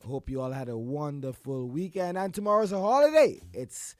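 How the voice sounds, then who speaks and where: A man hosting a radio show, his voice hoarse from the flu, loudly calling out greetings and shout-outs and then settling into quieter chat. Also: on the high side, lively intonation, moderate pace, soft background music. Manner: exuberant, shouts greetings, drops into a quieter voice between. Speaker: radio host.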